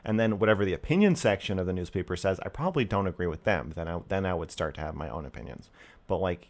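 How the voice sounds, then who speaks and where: Man, low voice, exasperated rant, swears a lot, loud bursts then quiet, call-in host. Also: expressive, quick pace. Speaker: streamer hosting a call-in show. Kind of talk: casual live-stream call.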